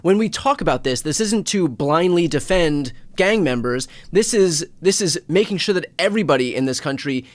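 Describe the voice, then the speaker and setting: A male host of a political talk show who asks questions in a lively, conversational way and jokes along. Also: on the high side, normal speed, hardly any pauses, dry recording.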